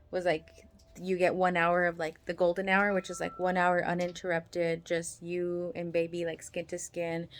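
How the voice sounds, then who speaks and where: A woman, a mother, casually telling a personal story to the camera. She talks in a chatty way, full of "like" fillers, and often acts out the voices of the people she quotes. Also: lowish voice.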